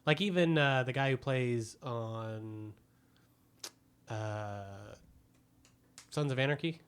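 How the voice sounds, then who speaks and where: A young man speaking at a middle pitch in a relaxed podcast chat. He often stops and restarts while he searches for names. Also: takes it slowly, clear, resonant tone. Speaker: podcast co-host. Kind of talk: casual movie review chat.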